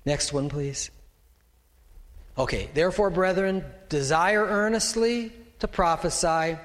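A man's voice: sits high, slow, fairly bright tone, long reverb tail. A middle-aged male pastor preaching a conversational sermon from the pulpit, with folksy asides to the congregation and the slide operator. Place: church sanctuary, speaking from a raised pulpit.

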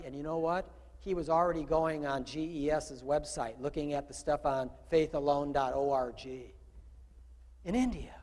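A man, the pastor, giving a conversational sermon, asking his congregation questions and swinging from quiet talk to loud calls. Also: high-pitched, long reverb tail. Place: church room with a congregation.

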